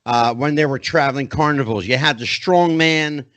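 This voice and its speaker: A middle-aged man hosts an interview podcast, talking in a chatty, animated way and building up to his questions at length. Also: mid-range voice, moderate pace, no echo. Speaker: podcast host. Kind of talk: conversational interview hosting.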